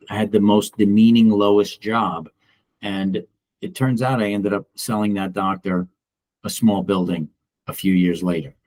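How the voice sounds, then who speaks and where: Giving an informal office training session, a middle-aged real estate broker talks bluntly and with lots of energy, performing the voices of those he quotes. He has a lowish voice, recorded without echo.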